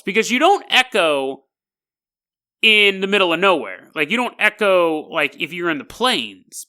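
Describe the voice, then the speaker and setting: A man's voice: sits high, bright, forceful tone. A man hosting a podcast, telling a story in a rambling, jokey way and laughing often. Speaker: podcast host.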